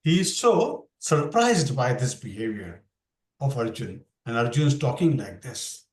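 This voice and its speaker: A man's voice: medium pitch, very animated, measured pace, echoey room, poor audio. A man teaching a scripture class online, explaining verses and asking his students questions. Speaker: Bhakti yoga teacher.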